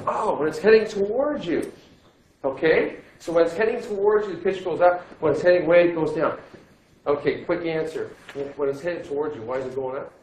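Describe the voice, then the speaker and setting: A male physics teacher lecturing in a classroom, animated and playful, quizzing his students with quick jokes. His voice sits a little high and rings through an echoey room. A faint hiss runs under the recording. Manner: lively, joking, quizzes students.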